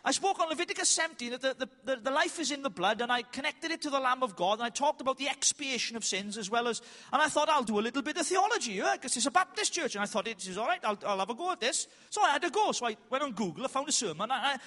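A man preaches to a conference with a strikingly high, bright voice. He tells stories with self-mocking humour, bursting loud, then slows for emphatic lines. The sound rings with the long reverb of a big hall. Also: animated. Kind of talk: conference sermon with storytelling. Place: large hall with an audience.

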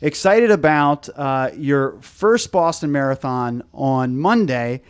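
A man's voice: mid-range voice, expressive, takes it slowly, clear, resonant tone. A man hosting a running podcast, talking casually and often stumbling over fillers and restarts. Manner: hesitant, many fillers and restarts. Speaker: podcast host.

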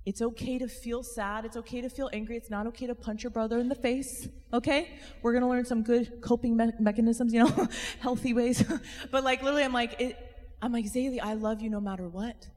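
A woman in her thirties giving a lively faith talk to a live audience. She often calls on the crowd for a response. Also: on the high side, brisk. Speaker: speaker. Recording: long hall reverb.

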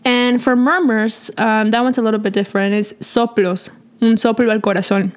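A woman's voice: on the high side, fairly even intonation, moderate pace. A woman co-hosting a casual medical Spanish lesson, explaining terms patiently and laughing easily. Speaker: co-host teaching medical Spanish. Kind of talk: casual teaching chat.

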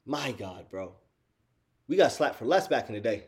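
A man in casual chat with his viewers, animated and profane, laughing often and calling them y'all. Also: mid-range voice, normal speed. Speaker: streamer talking to chat.

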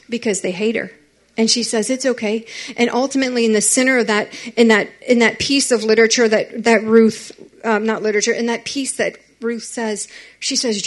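A young woman, giving a chatty, animated youth sermon and talking straight to teenagers. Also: fairly high pitch. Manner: chatty and animated, addressing teens directly.

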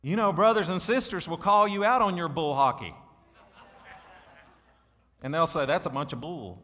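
A man, preaching a sermon to his congregation and calling out to them, swinging between loud and soft. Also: on the high side, expressive, unhurried, long pauses. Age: 40s. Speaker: pastor. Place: church sanctuary. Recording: long hall reverb.

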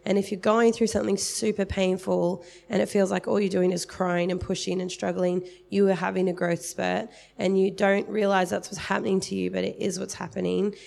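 A woman's voice: mid-range voice, little pitch movement, brisk, gravelly, hardly any pauses, a little mellow. A woman in her thirties giving a casual, rambling testimony in church, with many fillers.

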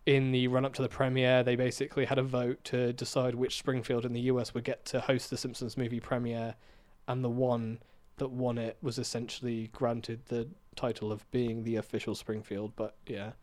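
A man co-hosting a podcast, rambling through a story with restarts and trailing off quietly at the ends of thoughts. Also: mid-range voice, completely flat delivery, normal speed, hardly any pauses. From England. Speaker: podcast co-host. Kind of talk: casual chat.

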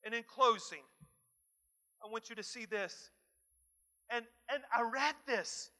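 Preacher man, very high and piercing, emphatic and repetitive, big hall reverb. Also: slow pace. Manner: emphatic, repeats phrases, swings from soft to shouting. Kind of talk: sermon.

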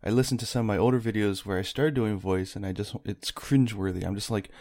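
A man guesting on a podcast, talking softly and modestly in a loose, rambling way. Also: lowish voice, steady tone, fast talker. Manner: soft-spoken, modest, rambling with restarts. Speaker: podcast guest, video creator. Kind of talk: casual podcast chat.

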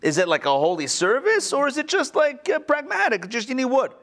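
A man's voice: extremely high pitch, big pitch swings, a little fast, a bit bright. A man casually teaching a study class, asking the group questions and making joking asides.

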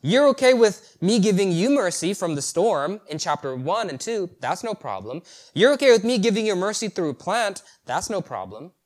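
God, as a preacher puts him on, questioning. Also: male voice, sits high, sing-song, normal speed. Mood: confronting. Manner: pointed rhetorical questioning. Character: God, patient male deity questioning gently.

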